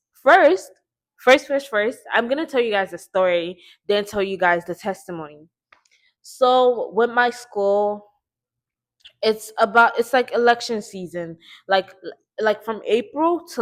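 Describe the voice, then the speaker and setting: A teenage girl hosting her own faith podcast, talking in an earnest, chatty way with a slight lisp and many repeats. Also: mid-range voice. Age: teens. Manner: chatty, earnest, often repeats herself and says like. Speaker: podcast host. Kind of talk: casual faith vlog talk.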